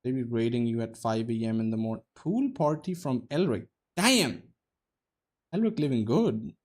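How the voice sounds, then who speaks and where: A young man with a warm, medium-pitched voice talks briskly while streaming a game. His commentary is casual, profane and joking, rambling between stories and gameplay.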